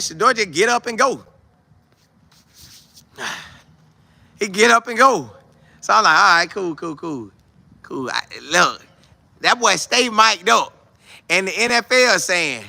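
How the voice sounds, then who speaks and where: Animated high-voiced man talking football. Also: moderate pace, gravelly, long pauses, no echo. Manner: animated, slangy, acts out players' chatter. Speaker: sports show host. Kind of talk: casual sports talk.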